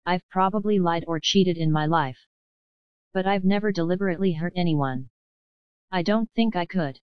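A woman's voice: on the low side, normal speed, smooth, no room sound, lo-fi sound, close to an everyday voice. A woman reading an audiobook, voicing an emotional young woman who pleads with her partner. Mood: earnest.

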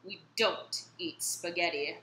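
A stern, hard-to-impress lion teacher, as a woman reading a storybook puts him on, giving short, dry orders. The voice is bright and carries an echoey room with faint noise behind it. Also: on the low side, slow, pitched below the performer's own voice. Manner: dry, blunt coaching.

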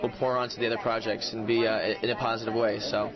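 Man, giddy laughing banter, muffled lo-fi sound, loud crowd. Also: on the low side, level tone, fast. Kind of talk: casual red-carpet interview.

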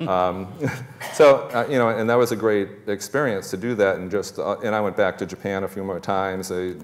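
A man in his fifties with a Boston accent tells his story as a panel guest, wandering from point to point with plenty of ums and restarts. His voice sits very low. A long hall reverb trails behind every phrase. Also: fairly even intonation, moderate pace. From Boston area. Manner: rambling, many fillers and restarts, chuckles between thoughts.

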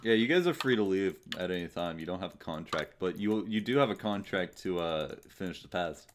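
A man's voice: sits low, lively intonation, brisk, noisy background. A man hosting a group voice call while playing a game, laid-back and often laughing. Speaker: streamer hosting the server. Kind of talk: casual gaming chat on a voice call.

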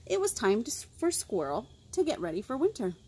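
Lively, animated woman reading storytime. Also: on the high side, a little fast, breathy edge. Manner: animated, gasps often, asks the listener questions. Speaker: children's librarian. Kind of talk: storytime reading picture books to young children.

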